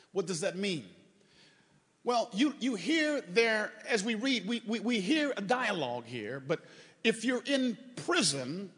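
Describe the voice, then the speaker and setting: A man preaches with a high voice that swings widely in pitch, slipping in playful asides before climbing to fervent shouts. His sermon rings out with a long church reverb. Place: church sanctuary.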